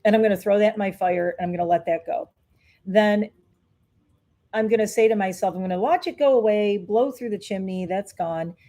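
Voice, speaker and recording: A woman's voice: mid-range voice, a little fast, mellow. A woman in her fifties, a beauty vlogger chatting candidly and reflectively through her skincare routine. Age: 50s. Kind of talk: casual chat during a skincare routine.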